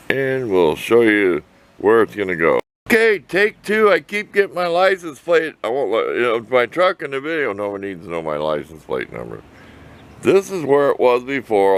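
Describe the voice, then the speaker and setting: An older man vlogging outdoors by his shop, talking to the camera in a folksy, rambling way, sometimes answering himself. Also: fairly low pitch. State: out of breath. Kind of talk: casual outdoor chat to camera.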